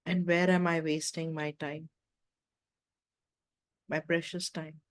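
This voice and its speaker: This meditation talk host has a low voice with little pitch movement and a slow pace. In her spiritual wellness talk, she tells a fable and asks the listener reflective questions.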